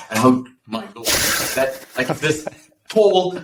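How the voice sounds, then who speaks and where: A man talking as a psychology professor guest in a casual podcast interview, explaining earnestly with lively anecdotes and many ums. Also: medium pitch, a little slow, noisy background. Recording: roomy echo.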